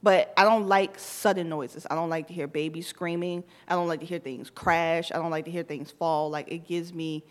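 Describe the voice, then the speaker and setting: A woman in her thirties, co-hosting a podcast, telling a story in casual chat with lively acted-out quotes. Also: lowish voice, moderate pace, few pauses. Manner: animated, tells stories with acted-out quotes. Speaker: podcast co-host.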